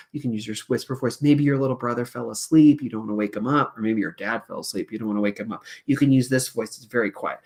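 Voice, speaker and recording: A woman who teaches music to kindergartners, explaining her classroom puppet lessons in a chatty, storytelling way from a small office. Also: extremely low pitch.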